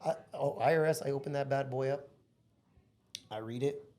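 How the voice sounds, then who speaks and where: A man telling a personal story as a podcast guest, in an excitable, casual way full of slang. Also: medium pitch, moderate pace.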